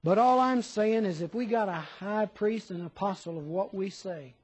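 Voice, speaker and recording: Man, preacher, high voice, sermon, questioning, quotes imagined listeners. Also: moderate pace, husky, rough recording.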